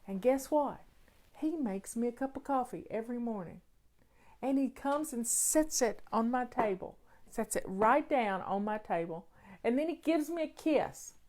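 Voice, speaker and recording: A woman's voice: fairly high pitch, expressive, a little slow, darkish tone. A woman hosting a casual question-and-answer show on home organizing, talking in an emphatic, folksy way and repeating key phrases.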